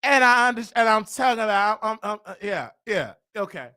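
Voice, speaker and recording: A man with a Southern US accent hosting a comedic live-stream rant, loud and teasing, breaking into laughs and mock voices. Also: high-pitched, animated, brisk. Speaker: host.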